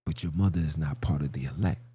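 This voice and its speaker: A man's voice: very deep voice, fast talker, dark tone, husky. A man hosting a livestream podcast, delivering an argumentative monologue full of slang and rhetorical questions. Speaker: podcast host.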